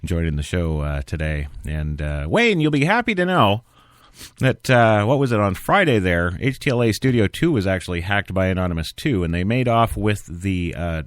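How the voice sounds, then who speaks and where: A man's voice: low voice, very animated, normal speed, dry recording, studio quality. A man hosting an internet talk radio show, reading news stories and riffing on them in a sarcastic, rambling way.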